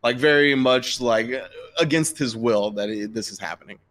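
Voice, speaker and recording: A man's voice: mid-range voice, normal speed, a bit bright. Rambling male game master. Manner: rambling, filler-heavy description. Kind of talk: narrating a tabletop game.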